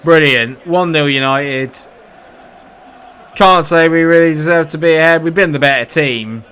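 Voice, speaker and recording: A man's voice: fairly high pitch, unhurried, sharp tone, clean tone. Frustrated British man commentating gameplay. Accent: British English. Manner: frustrated, swearing, sarcastic outbursts. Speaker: gaming YouTuber.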